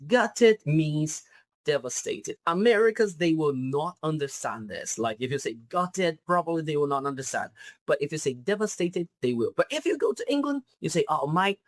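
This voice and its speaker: Man with Brazilian Portuguese accent, English teacher, slow and deliberate, dry close sound, drills each word twice. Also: on the high side, no room sound. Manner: emphatic, repeats key words. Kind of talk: YouTube lesson on British slang.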